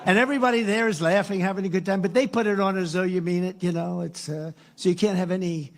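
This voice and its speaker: A man with a gravelly, slightly raised voice working through a campaign rally speech. He rambles and circles back on the same phrases. He drops sarcastic asides as he goes. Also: high voice, fairly even intonation, quick pace. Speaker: political candidate. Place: live rally.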